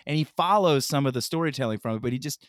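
Male podcast co-host, excitable and gushing, mid pitch, dry close sound. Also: quick pace, no room sound. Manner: excited, gushing, many fillers. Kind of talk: casual chat.

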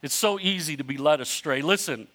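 An older man preaching a sermon, telling stories in a conversational way with restarts and building to emphatic, animated runs. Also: a little high, a little fast. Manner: conversational storytelling with self-interruptions. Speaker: pastor.

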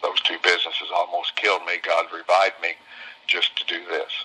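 A man with a deep voice spins homespun stories for a group of visitors. His tone is husky and rough around the edges, yet bright and forceful. He often says things twice to drive them home. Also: completely flat delivery, moderate pace, poor audio. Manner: homespun, repeats phrases for emphasis. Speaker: business owner speaking to visitors. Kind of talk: folksy storytelling talk.

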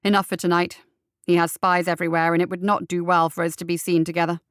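A woman reading a storybook voicing a scheming male minister with a low, measured, threatening delivery. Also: level tone, clear, resonant tone, no echo, clean studio sound, natural voice. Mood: menacing.

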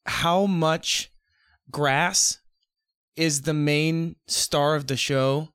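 Give me an excitable young man co-hosting a podcast, laughing and rambling, recorded dry and close. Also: on the high side, extremely slow, smooth, no echo. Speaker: podcast co-host. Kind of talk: casual chat. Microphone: close podcast mic.

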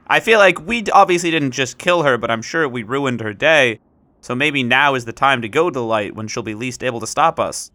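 A player in a tabletop game, joking and expressive. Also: medium pitch, a little fast, dry recording. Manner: jokey, expressive. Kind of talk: casual chat in a tabletop game.

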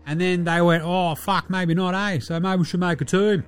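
A man doing a brash young Australian basketball player with a thick Aussie accent, swearing his way through every sentence. The voice sits high and rowdy, and faint music runs underneath. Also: fairly even intonation, moderate pace, clean tone, lightly acted. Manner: crude, boisterous, swearing constantly.

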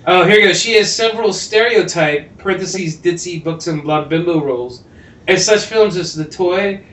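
A man's voice: sits high, moderate pace, a bit bright, a little hiss or hum. A man co-hosting a podcast, chatting casually about a movie, reading trivia aloud and cracking jokes. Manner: chatty, reads trivia aloud, jokey asides. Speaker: podcast co-host. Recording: roomy echo.

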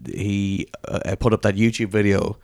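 A man with a somewhat low voice co-hosts a podcast in loose, rambling conversation and keeps correcting himself mid-sentence. His voice is recorded close and dry. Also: level tone, measured pace, darkish tone, no echo. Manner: rambling, self-correcting, laughing. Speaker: podcast co-host. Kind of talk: casual chat.

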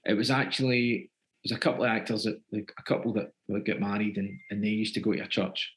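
A Scottish man talks through an interview in a loose, rambling way, full of asides. His voice sits on the low side. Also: little pitch movement, fast talker, poor audio. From Scotland. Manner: rambling, chatty, lots of fillers. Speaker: actor, guest. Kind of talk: casual interview chat.

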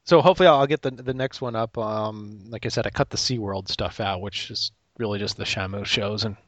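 A man's voice: on the low side, brisk, fairly bright tone, no echo. A man hosting a casual chat, rambling with frequent restarts. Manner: rambling, with many restarts and laughs. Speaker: podcast host.

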